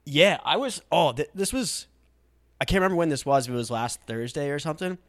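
A young man co-hosting a casual comedic podcast, easygoing and quick to laugh along. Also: on the high side, animated, dry recording, clean studio sound. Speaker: podcast co-host.

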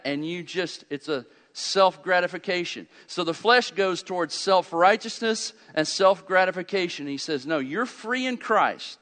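A man preaching a fiery sermon, swinging from loud urgent peaks to quiet low asides and asking his congregation questions. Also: unhurried, few pauses. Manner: asks the congregation questions and answers them. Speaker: pastor. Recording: long hall reverb.

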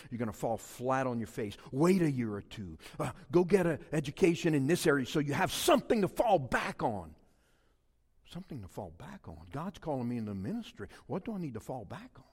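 A man's voice: medium pitch, darkish tone, breathy edge. Fifties pastor man preaching hard, voice swoops up and down, big echoey hall. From South Louisiana. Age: 50s. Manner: emphatic preaching with rising repeated phrases. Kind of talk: sermon.

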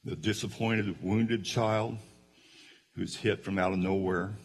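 A man's voice: on the low side, fairly even intonation, slow pace, slightly rough. A man giving a folksy storytelling sermon who speaks directly to the audience. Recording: long hall reverb.

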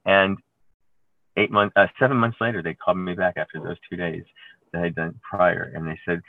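A man, an actor, talking in an interview, telling stories with many halting restarts and trailing phrases. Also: sits low, level tone, vocal fry, dry recording. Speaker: actor guest. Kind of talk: conversational interview. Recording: tinny phone-like line, dry.

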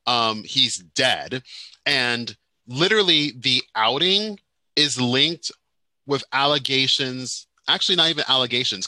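A man co-hosting a casual chat, emphatic, often repeating himself, sometimes dropping into quiet explanation. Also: medium pitch, dry recording. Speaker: podcast co-host.

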